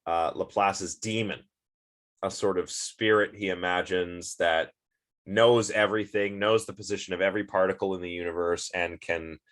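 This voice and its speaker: Low-voiced man giving a casual lecture. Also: a bit bright. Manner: casual, rambling, many fillers and restarts. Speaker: philosophy lecturer. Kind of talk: recorded online lecture.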